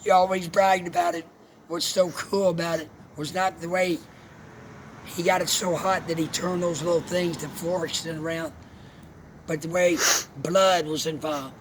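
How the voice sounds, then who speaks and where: A man telling a heartfelt personal story in a rambling, halting way, as a vlogger. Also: on the high side. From Alabama. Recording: steady background noise, vehicle sounds.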